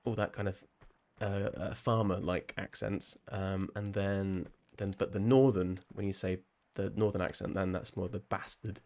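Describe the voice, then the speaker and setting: A man's voice: low voice, flat delivery, moderate pace, few pauses, darkish tone. A man with a southern English accent, chatting casually with viewers while playing a game on a live stream, rambling and laughing often. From southern England.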